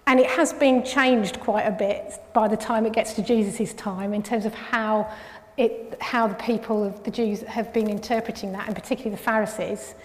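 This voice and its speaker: A woman's voice: on the high side, normal speed. A woman preaching a sermon, talking conversationally with restarts and pressing hard on key phrases. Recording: long reverb of a large hall.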